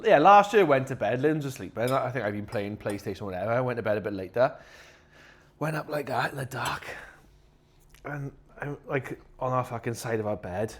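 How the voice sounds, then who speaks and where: A man co-hosting a casual podcast chat, telling animated stories full of swearing and acting out his own reactions. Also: mid-range voice, fairly quick. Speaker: podcast co-host.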